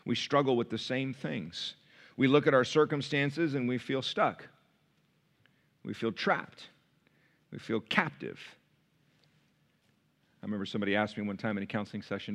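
A man's voice: mid-range voice, moderate pace, pauses often, fairly bright tone. A man, a pastor, preaching a sermon and reading scripture, building emphasis through repeated phrases. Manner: preaching with rising emphasis and repetition.

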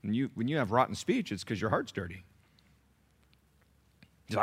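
A man preaching a sermon as pastor, emphatic and animated, with many rhetorical questions. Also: medium pitch, brisk, pauses often, breathy edge.

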